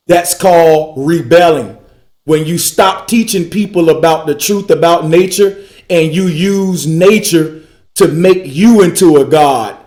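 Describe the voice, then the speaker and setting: A man's voice: fairly high pitch, a little mellow, reverberant. A man giving a preachy esoteric lecture, emphatic and repetitive, dragging out key words for wordplay. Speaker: speaker in a group call.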